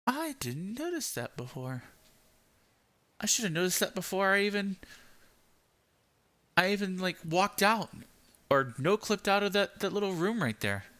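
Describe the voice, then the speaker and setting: High, bright-voiced young man rambling. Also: very animated. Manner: keeps his voice deliberately high; rambling, many "like" fillers. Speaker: game channel host. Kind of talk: casual gameplay commentary.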